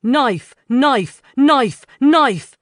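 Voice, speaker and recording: A man's voice: sits high, very animated, normal speed, a bit bright, no echo, studio quality. A woman voicing an agitated, distressed man fixated on a knife, pleading and repeating himself. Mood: frantic. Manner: pleading, repetitive chanting.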